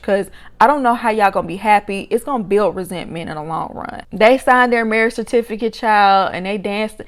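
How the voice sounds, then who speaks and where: A woman giving a casual, opinionated recap of a reality show, expressive and sassy, jumping up high in pitch when she exclaims. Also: a little fast, few pauses.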